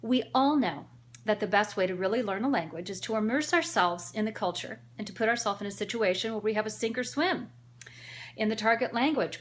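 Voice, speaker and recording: A woman's voice: mid-range voice, a bit bright. A woman, a teacher, giving a narrated presentation full of rhetorical questions. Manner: rhetorical questions, acts out parents talking to a child. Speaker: teacher presenting a learning tool.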